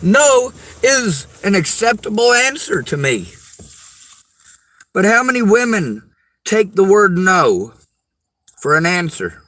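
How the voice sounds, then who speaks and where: Man, vlogger, angry profane rant, blunt, slightly high pitch, in a car. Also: big pitch swings, slow, pauses often, fairly bright tone, poor audio. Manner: blunt, swearing, heated.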